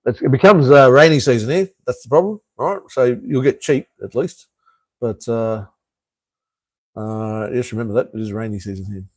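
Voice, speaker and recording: A middle-aged Australian man chats loosely through a live stream, answering viewers' comments in a laid-back way and swearing freely. His voice sits at an ordinary pitch, recorded dry and close with no room sound. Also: normal speed, darkish tone, no room sound. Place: home in Cambodia.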